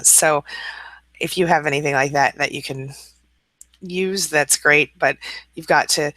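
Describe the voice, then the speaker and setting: A woman hosting a casual live stream, reading out viewer comments and answering them with a warm, chatty manner. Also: deep voice, no echo.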